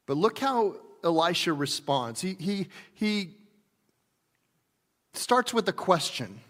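A man's voice: high voice, sing-song, slow pace, fairly bright tone, in a large hall. A man preaching a sermon as a pastor, talking in a conversational way with restarts and bits of acted speech.

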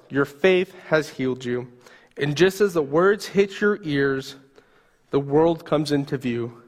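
A man's voice: fairly high pitch, in a large hall. A male youth pastor preaching, telling a vivid story in the second person. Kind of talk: sermon storytelling.

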